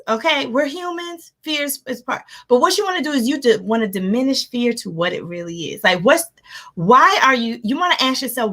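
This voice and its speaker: A woman life coach giving an energetic motivational talk, animated and laughing often as she acts out her own reactions. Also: high voice. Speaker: life coach hosting a live motivational session.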